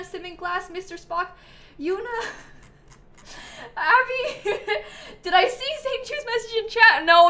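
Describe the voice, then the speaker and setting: Her voice is very high-pitched, pushed, and bright as she hosts a casual live stream. Giggling and peppering her speech with ums and likes, she thanks viewers one by one by name.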